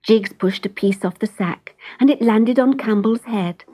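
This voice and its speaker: A woman reading a children's storybook aloud, gentle and expressive, often dropping into a whisper. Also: a little high, measured pace, no room sound.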